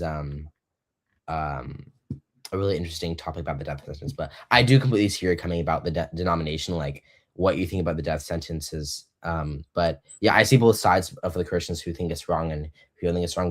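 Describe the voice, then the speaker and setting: A teenage boy hosting a casual live-streamed debate, halting and full of fillers. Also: sits low. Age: teens. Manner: halting, many fillers and restarts. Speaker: debate host.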